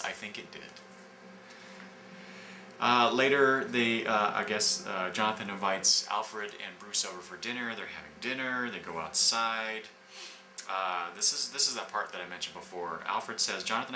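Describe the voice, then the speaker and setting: A man's voice: fairly low pitch, pushed and bright. A man casually retelling comic book scenes in a review, rambling with many fillers and restarts. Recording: echoey room with background noise.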